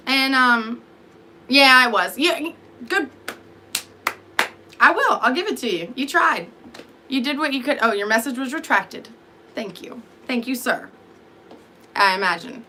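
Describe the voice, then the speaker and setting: Sleepy, rambling woman with a bright voice. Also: high voice, lively intonation, unhurried, pauses often, slight background noise. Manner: rambling, profane, self-deprecating, answering chat. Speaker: vlogger talking to live chat. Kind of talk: rambling live-stream chat.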